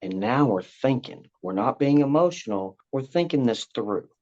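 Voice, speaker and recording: A man talking casually as a podcast guest, rambling through his points and circling back to repeat them. His voice sits at an ordinary middle pitch. The recording sounds a little dull and lo-fi. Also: animated, moderate pace, a little mellow. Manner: rambling, repeats words, acts out parent and child lines. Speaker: guest, parenting coach. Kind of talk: casual conversational explaining.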